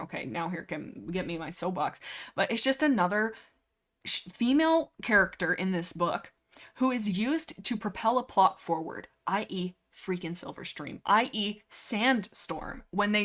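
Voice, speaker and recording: A woman's voice: medium pitch, a bit bright. A young woman livestreaming a casual, rambling book discussion, sarcastic and chatty. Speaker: streamer.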